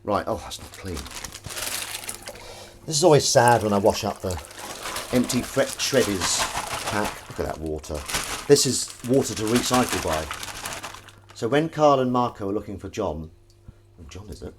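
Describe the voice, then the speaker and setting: Deep-voiced man streaming. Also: expressive, moderate pace, pauses often, noisy background. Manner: rambling, jokey, self-mocking. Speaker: live streamer. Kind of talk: casual live-stream chat.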